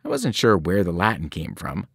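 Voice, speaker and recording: Lively male storybook reader. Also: low-pitched, moderate pace, vocal fry, breathy edge, no echo, studio quality. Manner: lively storytelling with sudden voiced cries. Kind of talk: reading a novel aloud.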